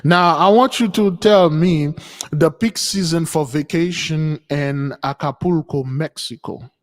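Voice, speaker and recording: A man's voice: a little high, measured pace. A man hosting a spiritual channel, talking casually and rambling with frequent questions to his audience. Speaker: spiritual teacher and channel host. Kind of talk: casual livestream talk. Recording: long reverb.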